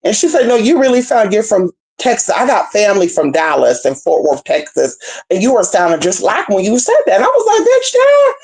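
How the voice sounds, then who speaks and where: A woman from California talking casually to her viewers as a spiritual reader, sassy and chatty, calling them baby and girl, dropping to low murmurs and jumping up to high squeals. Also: animated, a little fast, a little mellow.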